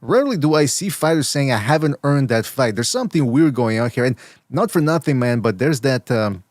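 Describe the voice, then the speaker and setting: A man's voice: medium pitch, expressive, fairly quick, a little mellow, dry recording. Man rambling through boxing talk, dry sound. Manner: rambling, repeats words, many restarts. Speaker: podcast host.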